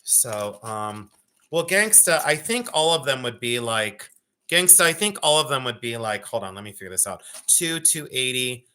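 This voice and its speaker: A man in his fifties hosting a live jewelry sale, chatting loosely and breaking into rapid auctioneer chant. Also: mid-range voice, big pitch swings, sharp tone, clean tone. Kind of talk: live-stream sales chat.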